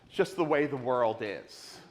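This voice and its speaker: A man preaching a sermon to his congregation, animated and questioning, with lots of rhetorical repetition. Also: medium pitch, normal speed. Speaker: pastor. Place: church sanctuary. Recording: live in a reverberant sanctuary.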